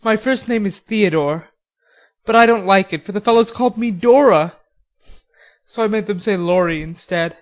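A woman's voice: mid-range voice, moderate pace, natural voice. A woman doing a shy, friendly teenage boy. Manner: bashful, pleasant, slightly formal.

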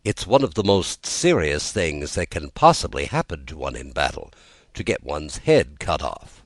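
A contrary, sulky storybook twin, as a man puts him on, grumbling in a low voice. His pitch rises and falls freely, and the sound is dry and close. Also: very animated, moderate pace, no room sound, heavily acted.

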